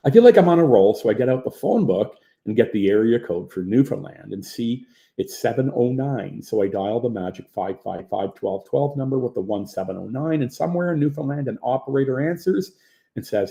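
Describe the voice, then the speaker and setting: A man from Ontario reading his memoir aloud in an animated storytelling manner. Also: medium pitch, brisk, creaky. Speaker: narrator.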